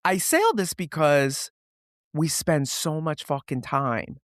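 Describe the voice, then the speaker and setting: A show host and theatre director chatting with a guest, telling animated anecdotes, acting out quoted voices and swearing casually. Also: mid-range voice, takes it slowly, dry recording, studio quality. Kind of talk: casual interview chat.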